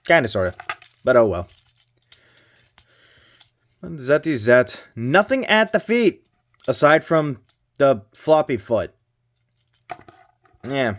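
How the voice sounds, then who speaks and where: A man's voice: medium pitch, very animated, takes it slowly, long pauses. A man from Canada casually reviewing a toy, chatty and joking, with mild exasperated exclamations as he handles it.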